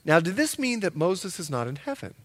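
A male pastor preaching a sermon, telling stories with lively acted-out quotes and emphatic, loud peaks. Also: sits high, brisk. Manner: animated storytelling with acted-out quotes.

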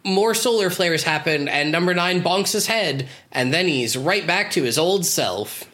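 A man's voice: sits high, expressive, measured pace, sharp tone. A man co-hosting a podcast, wryly recapping a cartoon plot in casual chat, swearing and laughing. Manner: wry, sweary, laughs often. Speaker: podcast co-host.

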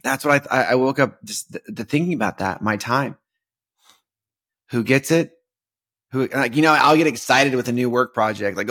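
A man's voice: medium pitch, moderate pace, fairly bright tone. Casual man musing on faith. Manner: conversational, many fillers and restarts. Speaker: podcast host.

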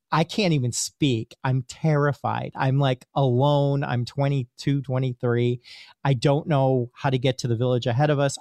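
A man who is a physician, telling a story as a guest in a casual conversation, animated and often repeating words as he gets his thoughts out. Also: mid-range voice, no room sound, studio quality.

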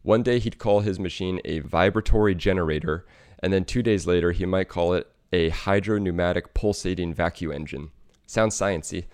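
A man presenting a segment in scripted narration, measured and wry as he tells a history. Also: low voice, a little mellow, smooth, no echo.

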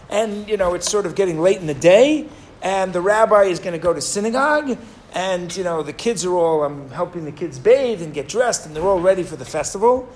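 A man teaching a Torah class, telling a story in an animated, digressive way and acting out the people in it. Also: sits high, slight background noise. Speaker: rabbi teaching.

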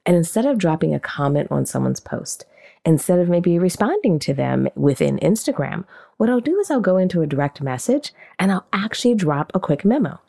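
A woman hosting a podcast, teaching in an animated, conversational way and often asking questions aloud. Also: lowish voice, a little fast, gravelly. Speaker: podcast host and marketing coach. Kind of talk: casual teaching monologue.

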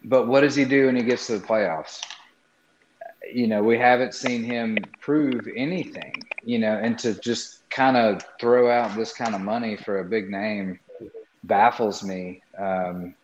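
A man's voice: on the low side, fairly even intonation, a little slow. A man giving blunt, skeptical opinions on a college football hire in casual sports talk. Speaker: sports podcast panelist. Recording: echoey muffled room mic.

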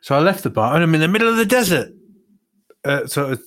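A man's voice: fairly high pitch, very animated, quick pace, fairly bright tone. A man telling a rambling, self-mocking story in casual chat with friends.

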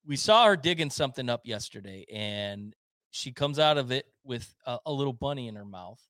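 A man's voice: mid-range voice, lively intonation, normal speed, fairly bright tone, dry recording. Rambling man chatting, many fillers. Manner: rambling storyteller, many fillers and restarts, laughs often. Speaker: podcast co-host. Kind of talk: casual chat.

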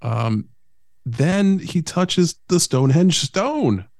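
A man's voice: on the high side, expressive, slow, darkish tone, no echo, studio quality. A man co-hosting a podcast, recapping a film's plot in a sarcastic, casual way with plenty of swearing. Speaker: podcast co-host. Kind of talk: casual movie recap chat.

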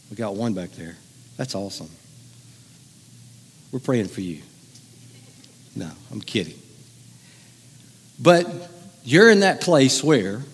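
A man preaching a sermon in a conversational, joking way, teasing the congregation in a large church hall. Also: mid-range voice. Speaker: pastor.

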